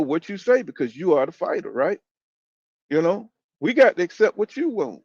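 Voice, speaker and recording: A man's voice: on the high side, a little mellow, no room sound, dull audio. A man giving a casual, profane opinion rant about boxing, rambling and repeating filler phrases as he talks. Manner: rambling, profane, keeps saying "you know what I'm saying". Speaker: boxing commentator.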